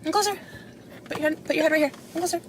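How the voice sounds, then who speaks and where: A woman's voice: sits high, very fast. A woman speaking on a live stream to her followers, coaxing and directing her son. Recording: noisy home stream audio.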